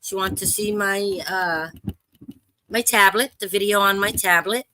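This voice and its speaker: A woman on a live panel discussion telling an urgent personal story in a halting way, with restarts and swearing. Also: mid-range voice, fairly even intonation, sharp tone, rough recording. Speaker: panel caller.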